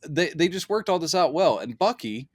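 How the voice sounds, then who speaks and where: A man's voice: a little high, animated, normal speed, slightly rough, no echo. Chatty man reviewing films, dry sound. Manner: chatty, quoting characters in playful voices. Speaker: film reviewer. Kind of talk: casual movie review chat.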